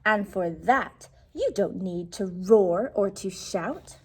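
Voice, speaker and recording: A woman reading a rhyming picture book aloud to children, slow and expressive, hushing her voice at tense moments. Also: mid-range voice, slightly rough. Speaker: storyteller.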